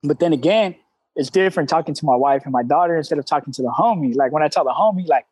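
High-voiced candid streetwise man. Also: quick pace, darkish tone, breathy edge, rough recording. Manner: candid, streetwise slang, frequent cussing. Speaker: CrossFit coach, guest. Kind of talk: casual interview talk.

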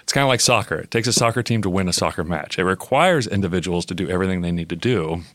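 A man talking through ideas on a podcast in a casual, animated way, with plenty of fillers and restarts. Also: deep voice, fast talker, no echo. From United States. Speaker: biblical scholar on a podcast.

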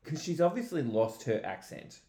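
Male co-host, animated, roomy echo. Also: on the high side, moderate pace. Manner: lively, animated storyteller. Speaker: podcast co-host. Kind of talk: casual chat.

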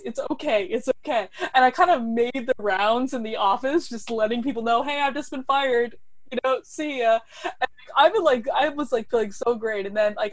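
A woman in her thirties with a slightly high voice recounts a story in an animated, chatty way, full of laughter and restarts. The recording is close and dry, with no room sound. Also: dry recording. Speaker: podcast guest. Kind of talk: casual storytelling.

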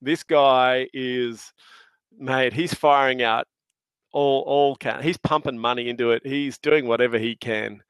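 A cheerful middle-aged Australian man chats in a loose, joking way, laughing easily as he tells stories full of slang. His voice sits at an average pitch. The sound is close and dry. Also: steady tone, unhurried, fairly bright tone, smooth, no echo. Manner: jovial, laughing storyteller with slang. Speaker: podcast guest. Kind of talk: casual chat.

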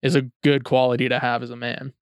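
A man's voice: medium pitch, flat delivery, fast talker, smooth, no room sound, clean studio sound. A young man talking in an earnest, reflective way in a casual chat, often restarting his sentences.

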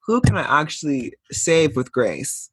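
A man's voice: on the high side, very animated, a little slow, husky, no room sound. A man co-hosting a casual pop-culture chat, sassy and emphatic with campy asides. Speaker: podcast co-host.

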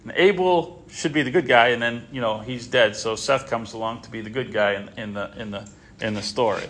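A man in his thirties leading a casual group Bible discussion, rambling and animated, with frequent restarts. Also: mid-range voice, brisk, slight background noise. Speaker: Bible study leader.

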